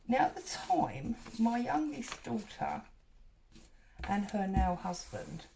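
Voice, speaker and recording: Chatty middle-aged woman, gravelly. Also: fairly high pitch, sing-song, takes it slowly, mellow, slight background noise. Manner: chatty, rambling, wanders off and back to her story. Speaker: craft vlogger. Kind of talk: casual storytelling while crafting.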